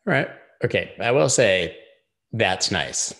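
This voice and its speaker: A man hosting a live stream, analysing trading charts in a casual, joking, rambling way with quick asides. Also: lowish voice, expressive, fairly bright tone.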